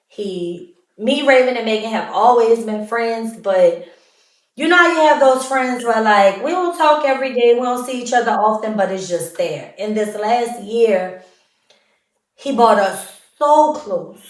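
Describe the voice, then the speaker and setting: A woman hosting a podcast, telling candid, emotional stories in a casual, heartfelt way and laughing along. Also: medium pitch. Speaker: podcast host. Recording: roomy echo, mic at a distance.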